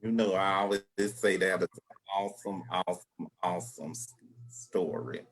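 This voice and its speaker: A man co-hosting a casual chat, animated and joking. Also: moderate pace, rough recording. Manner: animated, joking, mimics a grandma in a high voice. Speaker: co-host.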